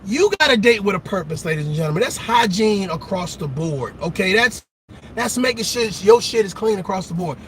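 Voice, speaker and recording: A man delivering a profane comedic rant about dating, laughing and shouting as he goes. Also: sits high, expressive, a little fast, slight background noise. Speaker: dating commentator.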